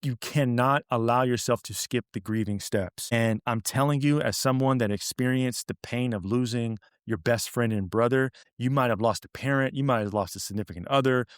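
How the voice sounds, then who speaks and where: A man's voice: mid-range voice, normal speed, few pauses, smooth. A middle-aged man talks about grief in an earnest, direct way. He drives his points home by repeating short phrases. His voice sits mid-range and is recorded dry and close, with no room echo. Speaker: podcast host. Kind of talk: reflective motivational talk.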